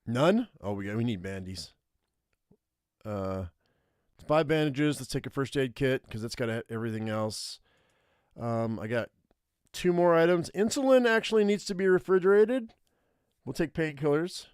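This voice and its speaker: A young adult man streaming live, reading an interactive survival story aloud and thinking out loud over his choices. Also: medium pitch, lively intonation, normal speed, pauses often, clean tone, dry recording, clean studio sound.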